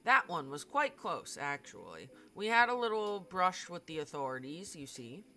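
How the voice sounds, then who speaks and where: A woman's voice: fairly low pitch, very animated, moderate pace, sharp tone, exaggerated voice. A woman reading a game aloud, voicing a formal alien being who speaks as a collective "we", in a stiff, precise manner.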